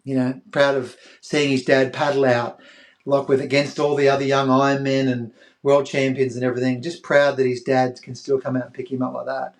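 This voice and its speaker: A middle-aged Australian man telling an emotional story as a podcast guest, animated, acting out other people's voices and dropping soft at tender moments. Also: medium pitch, a little fast. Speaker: podcast guest, former athlete.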